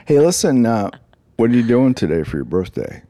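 A man co-hosting a podcast in casual chat, rambling with halting restarts. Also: mid-range voice, sing-song, mellow, dry recording. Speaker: podcast co-host.

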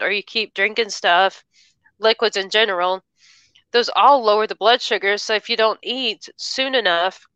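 A woman's voice: medium pitch, pushed and bright, clear, resonant tone, no echo, rough recording. A woman hosting a casual chat, talking in a chatty, rambling way with many restarts. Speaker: host.

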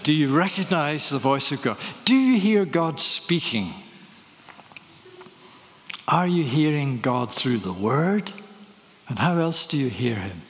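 A man's voice: fairly high pitch, expressive, takes it slowly, long pauses. A man preaching a sermon, telling stories and asking rhetorical questions. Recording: reverberant hall.

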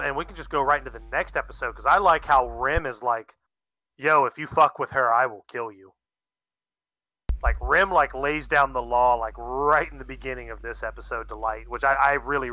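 A man casually chatting on a podcast, excitable, swearing freely and using laid-back slang, sipping beer as he talks. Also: medium pitch, fairly quick, few pauses, no echo. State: drinking beer while talking. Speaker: podcast co-host. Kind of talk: casual chat recapping an anime.

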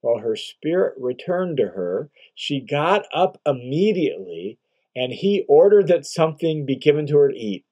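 A man giving a conversational Bible commentary as teacher, explaining in a relaxed way with asides and rhetorical questions. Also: a little high, moderate pace, dull audio.

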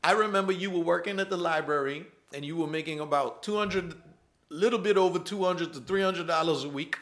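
A man in his thirties preaching a sermon, his voice fairly high and bright. He talks in a loose, conversational way. He repeats his key lines for emphasis and laughs easily between them. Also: brisk. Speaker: pastor.

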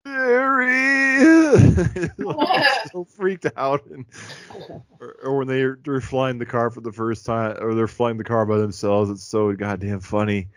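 A man's voice: on the low side, level tone, moderate pace, no echo. A man chatting casually and enthusiastically about a film as a podcast co-host, joking as he goes. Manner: enthusiastic, joking, imitates characters.

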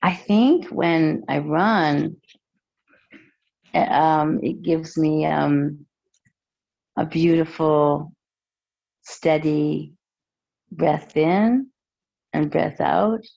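A woman speaking as a podcast guest, slow and reflective, with hesitant pauses. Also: deep voice, creaky, darkish tone, dry recording. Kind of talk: casual interview chat. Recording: dull muffled lo-fi sound.

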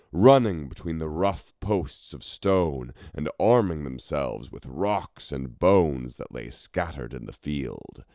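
A man with a remarkably deep voice narrates a fantasy tale at an unhurried pace. His reading rises and falls with lively pitch, and the sound is dry and close. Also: dry recording. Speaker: storyteller.

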